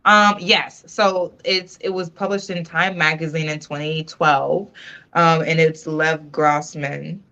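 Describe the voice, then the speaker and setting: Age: 20s. Sex: woman. Role: livestream host. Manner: chatty, teasing. Pitch: fairly low. Mic: desk mic at a computer. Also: steady tone, sharp tone, dull audio. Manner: chatty and teasing, with drawn-out words. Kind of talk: casual chat with a co-host.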